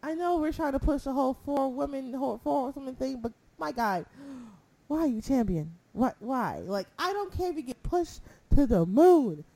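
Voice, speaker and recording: A woman co-hosting a casual wrestling chat, animated, often exclaiming and acting out her own reactions. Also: high-pitched, normal speed.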